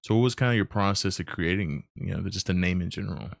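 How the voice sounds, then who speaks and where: A man's voice: deep voice, fast talker, gravelly, no room sound, clean studio sound. A man hosting a casual chat who rambles and restarts as he hunts for words. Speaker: podcast host.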